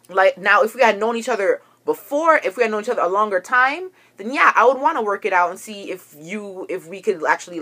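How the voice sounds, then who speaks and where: A woman's voice: medium pitch, a bit bright, slightly rough. A young woman ranting to camera, agitated and profane as she tells a story about a falling-out. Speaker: vlogger.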